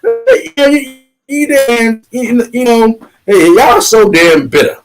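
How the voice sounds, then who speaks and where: On a sports podcast, a fired-up co-host rants against rival fans, trash-talking and cursing freely in heated sports talk. His high voice keeps rising as he pushes his points, with a slow, sing-song delivery, and the audio quality is poor.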